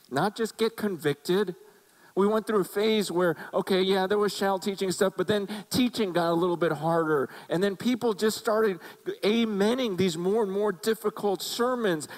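Gravelly-voiced man preaching a sermon. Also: sits high, rough recording. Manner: conversational, emphatic preaching with acted-out quotes. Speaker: pastor.

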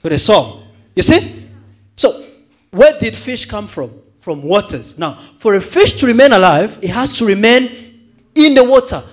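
A man's voice: sits high, big pitch swings, a little slow. A male evangelist preaching a sermon to a church, asking the congregation questions and repeating words as he thinks.

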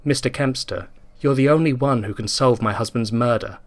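A man's voice: mid-range voice, normal speed, lightly acted. A man voicing a seductive noir widow. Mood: sultry.

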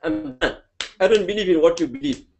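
A man's voice: sits high, sing-song, brisk, a little mellow. A male preacher voicing a stubborn grown man who refuses to believe, speaking bluntly.

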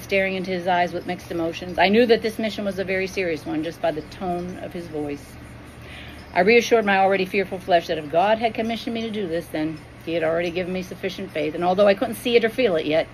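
A woman's voice: on the low side, a little hiss or hum, rough recording. A woman reading her own spiritual vision as a Christian storyteller in earnest, devout, emotional narration.

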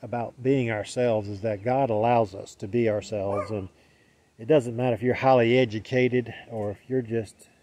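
A man's voice: mid-range voice, fairly even intonation, moderate pace, a little mellow. A man with a Southern US accent giving a casual, rambling spiritual monologue that restarts itself, with a light chuckle now and then. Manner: rambling, self-correcting, chuckling. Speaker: spiritual vlogger.

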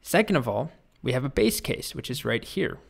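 A young adult man gives a relaxed coding lesson in a chatty, upbeat way. He talks like he is chatting with a friend, with a playful edge. His voice sits at an ordinary male pitch. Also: moderate pace, gravelly. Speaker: programming instructor. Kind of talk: casual coding lesson with storytelling.

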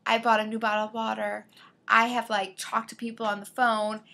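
A woman co-host tells a story in a bright, clear voice that sits a little high. She is animated and acts out each quote, dropping or lifting her voice to play the people she describes. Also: fairly quick. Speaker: podcast co-host. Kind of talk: casual storytelling chat.

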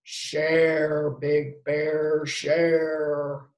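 A woman voicing a wise old oak tree that speaks deep, slow and solemn. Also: level tone, darkish tone, lo-fi sound. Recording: roomy echo.

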